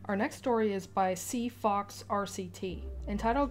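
A woman's voice: mid-range voice, moderate pace, few pauses. Woman narrating stories with sarcastic asides. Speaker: story narrator. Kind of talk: reading online stories aloud.

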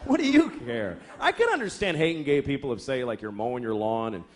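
Crude animated male stand-up. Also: medium pitch, fairly quick, a faint crowd, slight background noise. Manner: crude, exasperated, acts out characters. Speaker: stand-up comedian. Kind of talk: stand-up routine. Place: stage before a live audience. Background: audience laughter.

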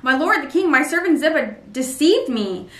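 A woman's voice: high-pitched, very animated, normal speed, fairly bright tone. A woman reading the lines of a humble man pleading before a king, with a roomy echo from a distance.

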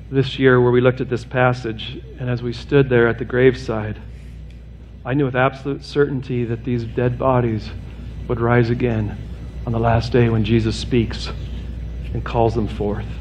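In a church sanctuary, a pastor preaches to his congregation at a moderate pace, his voice fairly level and a little mellow. Earnest and direct, he mixes plain humor with an appeal that grows urgent, rising in pitch and intensity. A little hiss or hum is audible.

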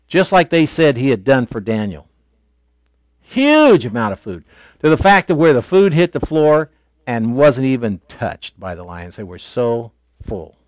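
A pastor teaching a Bible lesson in a Bible school classroom, with a folksy, explanatory manner and swings between loud and quiet. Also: male voice, a little high, no echo.

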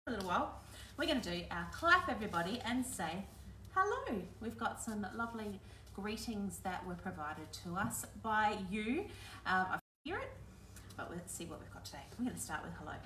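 A woman runs a sing-along for babies and toddlers in a library, and her voice sounds bright and high. She sings simple nursery tunes and chats to the little children in a cheerful sing-song way. The room echoes, and she stands a little back from the mic. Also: sing-song, normal speed, far from the mic, slight background noise. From Australia. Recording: roomy echo, a little off-mic.

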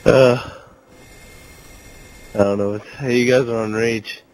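Drunk young man gamer, slow slurred rambling speech, keeps giggling, mid-pitched voice. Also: steady tone, darkish tone, rough recording. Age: young adult. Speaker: gamer on voice chat. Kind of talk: casual chat.

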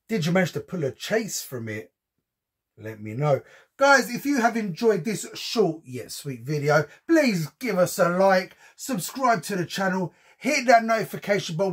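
Opening a collectible on camera, a man from the UK keeps things relaxed, dropping plenty of slang and ums. He runs a channel for unboxings, and his voice is high and slightly rough.

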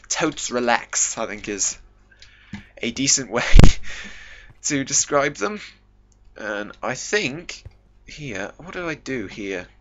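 A young British man with a medium-pitched, sharp-toned voice hosts a casual let's-play commentary video, heard through a muffled recording. He's chatty and self-mocking, full of jokey asides.

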